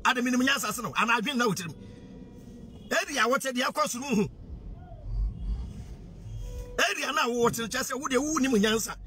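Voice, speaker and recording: A man's voice: extremely high pitch, pushed and bright, a little hiss or hum. A man with a Ghanaian accent delivering an impassioned monologue to camera. He preaches, repeats himself and fires off rhetorical questions, switching freely between Twi, English and pidgin. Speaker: social media commentator.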